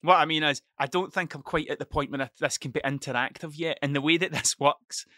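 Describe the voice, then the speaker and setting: A man's voice: a little high, fairly quick, dry recording, studio quality. A man with a Scottish accent hosting a casual podcast monologue at his computer desk at home, rambling and swearing freely as he tells stories. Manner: sweary, rambling, animated storytelling. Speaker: podcast host.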